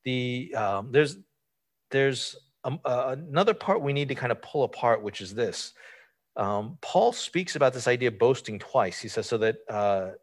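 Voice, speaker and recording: Male preacher, mid-pitched, casual sermon delivery with rhetorical asides. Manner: informal, asks rhetorical questions, frequent fillers. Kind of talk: conversational sermon.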